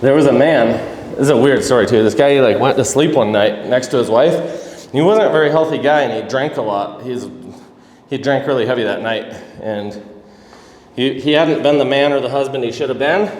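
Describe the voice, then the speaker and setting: A man's voice: medium pitch, a little mellow. A man hosting a casual epoxy flooring workshop, chatty and self-deprecating as he jokes while working indoors. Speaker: host and epoxy instructor. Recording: echoey hall-like room, faint background noise.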